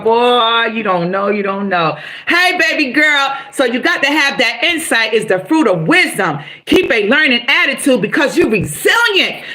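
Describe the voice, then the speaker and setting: Middle-aged lady live streaming pep talk, high sharp voice, folksy and preachy, keeps hollering out. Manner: preachy, animated, bursts into exclamations; folksy, calls viewers baby girl and honey.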